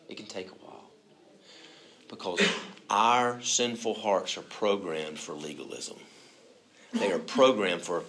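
A man preaching a conversational sermon, acting out quoted voices and swinging between soft and loud. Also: deep voice, normal speed, long pauses. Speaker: pastor.

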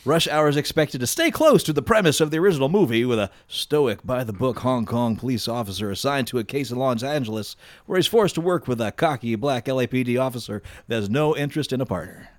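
A man's voice: medium pitch, animated, quick pace, no room sound. A man co-hosting a podcast, reading out a news item in a plain, matter-of-fact way. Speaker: podcast co-host.

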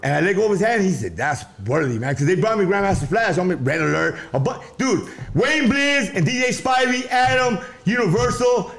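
A middle-aged man with a fairly high voice, talking in a loose, rambling street interview. He is animated and jumps from one thought to the next, tossing in rhymes and Spanish asides. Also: brisk, vocal fry, hardly any pauses. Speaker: interview guest.

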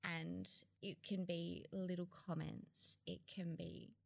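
A woman, a podcast guest, talking in a calm, encouraging way and often agreeing with the host. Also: on the low side, slow, gravelly, no echo, clean studio sound. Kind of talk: casual chat.

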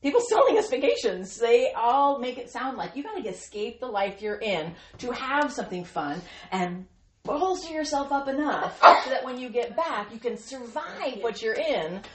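A woman's voice: a little high, sing-song, moderate pace, fairly bright tone, roomy sound, a little hiss or hum. A woman hosting a devotional podcast for Christian women, talking in an earnest, encouraging way, with playful asides where she acts out quoted voices.

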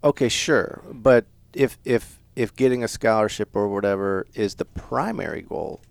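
A man's voice: on the low side, normal speed, vocal fry, dry recording. A man who coaches youth sports and teaches, answering a podcast host's questions earnestly. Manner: earnest, agreeable, laughs easily. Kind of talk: casual interview chat.

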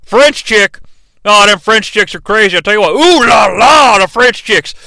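This is a crude, cocky tough guy, put on by a man who drawls his insults with plenty of swagger. The voice sits high and bright, and the tone is smooth. The recording is dry and close. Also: moderate pace, dry recording, full character voice. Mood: leering. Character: gruff brash male wrestler-turned-referee, profane.

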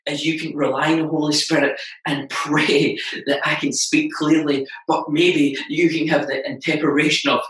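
A man's voice: a little high, level tone, normal speed, a bit bright, echoey room, distant mic, rough recording. A man with a strong Scottish accent, a guest pastor giving a recorded sermon with jokes and a casual manner. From Scotland. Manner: joking, self-deprecating, Scottish words like wee.

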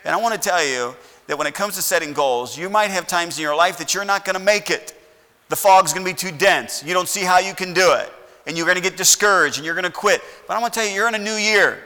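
A man's voice: sits high, fast talker, bright, forceful tone, big-room sound. A middle-aged man preaching a sermon as pastor, folksy, often checking in with "all righty?". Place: church sanctuary.

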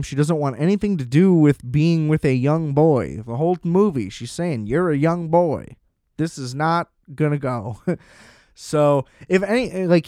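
Male podcast host, sarcastic exasperated rant, slightly high pitch, dead dry room. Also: a little mellow, no room sound. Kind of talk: casual ranting commentary.

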